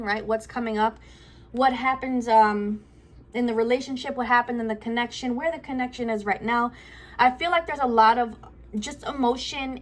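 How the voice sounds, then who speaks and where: A woman giving a spiritual love reading at home, channeling aloud in a rambling way, often repeating herself and searching for words. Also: fairly high pitch. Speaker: tarot card reader.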